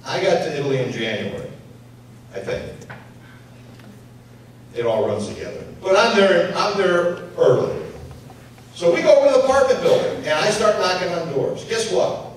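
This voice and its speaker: A man's voice: sits high, normal speed, long pauses. Echoey, distant Chicago-accented man speaking at a forum. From Chicago area, United States. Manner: animated, blunt and streetwise, raises his voice for emphasis. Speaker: panel speaker, former investigator. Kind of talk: storytelling talk at a public forum. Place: university pavilion before an audience. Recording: very echoey hall, distant mic, faint hiss.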